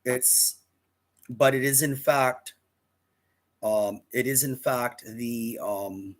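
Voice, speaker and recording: A man's voice: mid-range voice, takes it slowly. A man in his fifties casually telling a personal story to camera, rambling and often restarting his sentences. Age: 50s. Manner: rambling, with frequent restarts and self-corrections.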